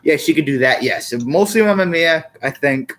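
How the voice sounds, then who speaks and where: A man hosting a podcast in casual chat, rambling and halting, often repeating words. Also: a little high, expressive, fairly bright tone. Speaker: podcast host.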